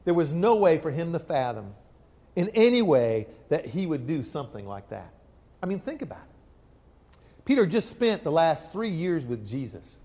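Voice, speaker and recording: A man preaching a sermon, telling the story in an animated, emphatic way. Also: fairly high pitch, normal speed. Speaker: pastor. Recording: long hall reverb.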